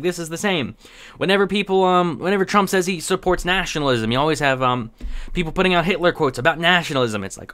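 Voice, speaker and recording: A man with a somewhat high, slightly bright voice reads tweets while giving casual political commentary. He sounds exasperated and sarcastic, stumbling over restarts and laughing in disbelief.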